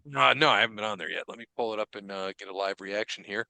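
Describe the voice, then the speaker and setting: A man co-hosting a sports podcast in casual chat, telling animated, profane stories full of quoted dialogue. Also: lowish voice, fast, gravelly, no echo. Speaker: podcast co-host.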